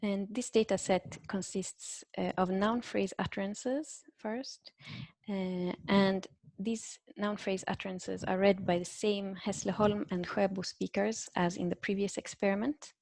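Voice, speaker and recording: A woman's voice: mid-range voice, steady tone, a little slow, creaky, a little mellow, dry recording. A woman giving an academic talk over a video call, hesitant, with many fillers and restarts. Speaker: invited linguistics speaker. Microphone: computer microphone on a video call.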